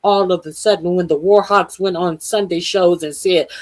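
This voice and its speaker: A woman's voice: fairly low pitch, steady tone, normal speed, hardly any pauses, a little mellow. A woman hosting political commentary, talking off the cuff with many fillers and blunt, profane remarks.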